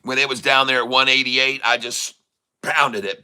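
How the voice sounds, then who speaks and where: A man hosting a casual live day-trading stream, hoarse from losing his voice, teasing and greeting his viewers with frequent chuckles. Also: medium pitch, level tone, normal speed, bright, forceful tone, rough recording. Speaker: day-trading livestream host.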